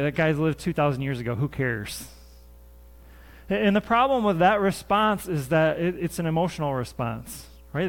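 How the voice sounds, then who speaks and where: Earnest male pastor preaching a sermon. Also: fairly high pitch. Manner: earnest, conversational preaching with repeated phrases. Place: church sanctuary.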